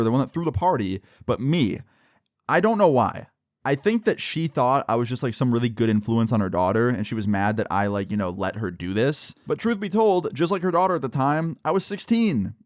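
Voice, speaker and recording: A young man recounts a story in a loose, chatty storytime style, full of fillers and casual swearing. His voice sits at an ordinary middle pitch. The sound is dry and close, with no room echo.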